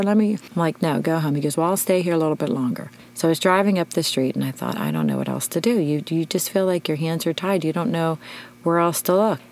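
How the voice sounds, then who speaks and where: A middle-aged woman hosting a podcast, telling a personal story in an emotional, animated way. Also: on the low side. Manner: emotional, animated retelling with shouted quotes. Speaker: podcast host.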